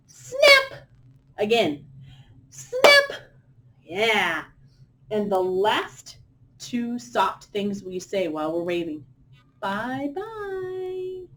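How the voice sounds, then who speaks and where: A woman's voice: mid-range voice, slight background noise. A woman teaching a kindergarten music lesson, leading children through animal sounds for a story.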